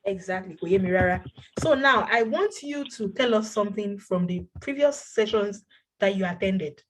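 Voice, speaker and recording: A woman's voice: medium pitch, expressive, normal speed. A woman teaching an online language class over a video call, encouraging her students and repeating words for them to copy.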